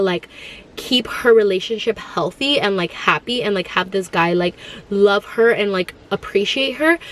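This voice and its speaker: A woman in her thirties telling a casual storytime, rambling with lots of filler words and sometimes dropping in Spanish phrases. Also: mid-range voice. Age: 30s. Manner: rambling, heavy use of "like" fillers. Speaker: vlogger.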